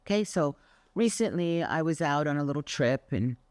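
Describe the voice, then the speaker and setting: A woman's voice: low-pitched, moderate pace, no room sound. An older woman, a Pilates instructor, talking casually and animatedly to camera, telling stories with the odd swear word. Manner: chatty, animated storyteller with mild swearing. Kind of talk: casual motivational talk to camera.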